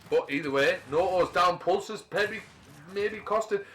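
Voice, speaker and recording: A man casting a live video game match, switching between rambling casual chat and quick play-by-play calls. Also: sits high, a bit bright, a little hiss or hum. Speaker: esports caster.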